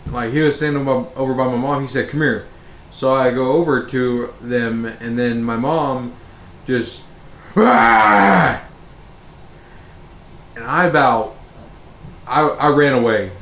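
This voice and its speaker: A man telling a storytime monologue as a vlogger, rambling with many fillers and restarts. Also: medium pitch. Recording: roomy echo with faint background noise.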